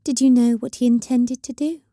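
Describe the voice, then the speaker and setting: A woman's voice: a little high, fairly even intonation, brisk, no echo, studio quality, voice pushed up, close to an everyday voice. A woman voicing a bitter, volatile young female psyker cultist who hisses and snarls in anger. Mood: bitter, menacing. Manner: hissing, snarling, shouting in anger.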